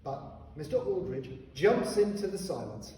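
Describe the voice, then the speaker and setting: A man narrating a children's story in an expressive, animated reading style. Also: fairly high pitch, normal speed, distant mic. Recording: echoey hall, voice heard from afar, faint noise.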